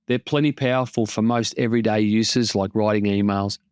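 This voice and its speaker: Smooth-voiced man explaining tech casually. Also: on the low side, fairly quick, no room sound, studio quality. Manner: plain-spoken, relaxed, lightly joking. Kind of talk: casual tutorial narration.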